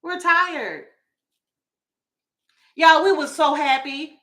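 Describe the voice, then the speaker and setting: A woman tarot reader giving casual opinion commentary to camera, animated and sassy, talking straight to her viewers. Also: sits high. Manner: mimics other people in quick asides.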